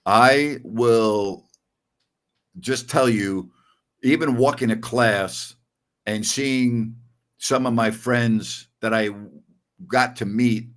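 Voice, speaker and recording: A man in his sixties from New York, hosting a podcast and telling rambling stories with chuckles. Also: mid-range voice. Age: 60s. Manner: rambling storyteller, chuckles often. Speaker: podcast host. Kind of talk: casual chat.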